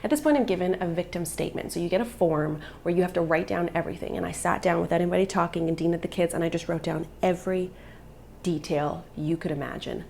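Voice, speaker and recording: A woman's voice: fairly low pitch, fast talker, gravelly, darkish tone, slight background noise. A woman in her thirties, a vlogger and mother, telling a personal story in an earnest, emotional way.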